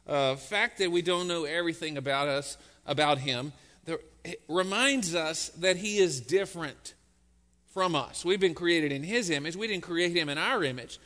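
A pastor delivers a relaxed, joking sermon in a church sanctuary. His voice is fairly high and ringing bright, and the sound carries a long reverb through the hall. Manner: conversational, joking.

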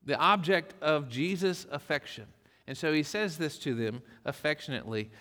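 A man's voice: a little high, lively intonation, moderate pace, pushed and bright. Man preaching in a reverberant hall. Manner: folksy storytelling with humor. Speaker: pastor. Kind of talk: sermon.

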